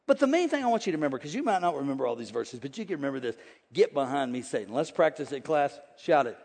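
A man in his forties preaching a sermon as pastor, energetic and folksy, jumping from shouts to hushed, joking asides. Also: a little high, very fast, gravelly, big-room sound. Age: 40s. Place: large church hall with congregation.

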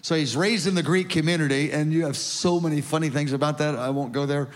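A man's voice: on the high side, quick pace. A man hosting a stage conversation, chiming in eagerly with short interjections. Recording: reverberant hall.

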